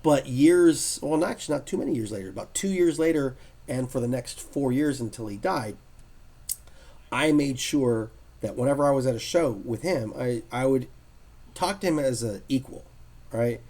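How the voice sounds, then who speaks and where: Husky man telling animated stories. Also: mid-range voice, normal speed. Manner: animated storyteller who acts out quotes. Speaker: guest comic artist. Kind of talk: casual storytelling interview.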